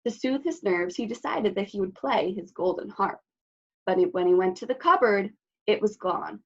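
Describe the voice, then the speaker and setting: A librarian woman reads a picture book aloud for children at story time. Her voice sits at a middle pitch and is expressive, with friendly asides. The audio is slightly dull. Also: normal speed.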